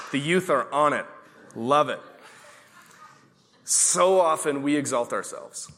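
Bright-voiced man preaching a sermon. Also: medium pitch. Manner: preaching with audience questions, slow emphatic repeated verses. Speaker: pastor.

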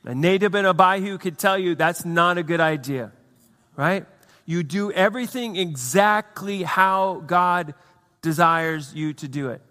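A man's voice: high-pitched, measured pace, bright, forceful tone, long reverb tail. A man preaching a sermon as pastor, conversational, with restarts and playful acted asides.

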